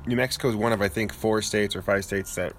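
A man with a lowish voice talking in relaxed casual chat, dry and a little rambling. He sits outdoors on a porch swing, with faint ambient noise around him. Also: quick pace. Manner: laid-back, dry humor, rambling with fillers. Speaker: podcast co-host.

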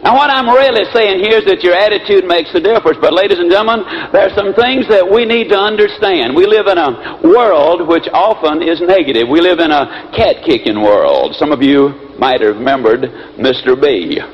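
High-voiced male motivational speaker, animated storyteller. Muffled lo-fi tape. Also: moderate pace, few pauses. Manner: animated storytelling with lively voice shifts. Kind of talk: motivational speech with acted anecdotes.

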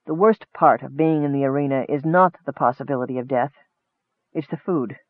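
A man reading the part of a bitter, wary half-elf prisoner who talks in a sour, low mutter. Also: a little fast, no echo, lightly acted. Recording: tinny phone-like audio.

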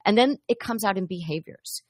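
A woman's voice: medium pitch, fairly quick, no echo, clean studio sound. A woman talking earnestly in a conversational podcast about feelings, acting out quoted dialogue as she goes.

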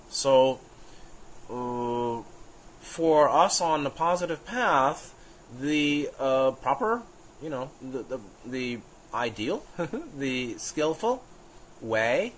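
A man's voice: medium pitch, fairly bright tone, slight background noise, poor audio. Man musing through a spiritual teaching. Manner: musing, halting, with frequent fillers and restarts; chuckles now and then while explaining.

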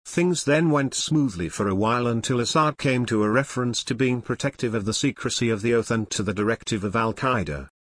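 A man reading nonfiction narration in a measured, matter-of-fact way. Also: mid-range voice, fairly bright tone, no room sound.

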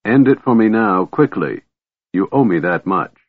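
A man's voice: fairly low pitch, lively intonation, moderate pace, breathy edge, no room sound. A man voicing a weary warrior in an audiobook, speaking in a weak, hesitant, pleading way. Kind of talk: audiobook character reading. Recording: tinny phone-like audio.

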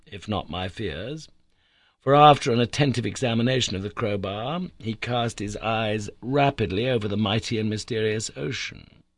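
A man narrating an old adventure novel in a measured, suspenseful reading. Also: fairly low pitch, no room sound. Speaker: audiobook narrator. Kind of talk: dramatic storybook narration.

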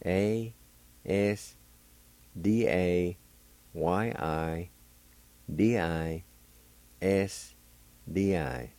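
A man with a very deep voice hosts a radio language lesson at an unhurried pace. He spells each word out letter by letter and says it several times so listeners can follow. The sound is close and dry. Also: darkish tone, no echo. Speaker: radio host teaching Cherokee words.

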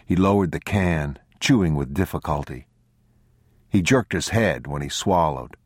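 A male narrator reads literary prose in a very deep, slow, sombre and deliberate voice. The recording is close and bone-dry, with no room sound at all. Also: lively intonation, breathy edge, no echo. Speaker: audiobook narrator.

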